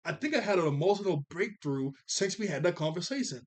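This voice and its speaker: A man raises his voice into a lovestruck cartoon boy of eleven. The kid is nervous and eager, stammering and restarting as he talks. It's a quick, casual put-on inside a recap. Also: high-pitched, expressive.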